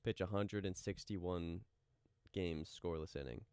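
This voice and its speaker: A man's voice: sits low, measured pace, darkish tone, clear, resonant tone, no echo, studio quality. A young man co-hosting a casual sports radio talk show, wry and teasing. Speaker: co-host. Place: radio studio. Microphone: studio microphone.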